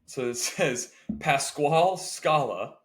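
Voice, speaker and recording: Male podcast co-host, casual and animated, mimics people mid-story. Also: on the high side, slow pace. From Indiana. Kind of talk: casual chat.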